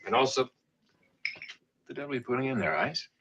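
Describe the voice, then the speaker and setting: A man's voice: mid-range voice, lively intonation, fairly quick, muffled recording, natural voice. An actor playing a weary male starship captain in a 1960s TV drama, clipped and tired, burdened by command. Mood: brisk. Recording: old TV clip with faint noise.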